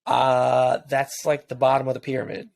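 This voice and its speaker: A man's voice: medium pitch, monotone, normal speed, gravelly, darkish tone, no room sound. A man co-hosting a podcast in casual chat, full of joking, self-deprecating banter. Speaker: podcast co-host.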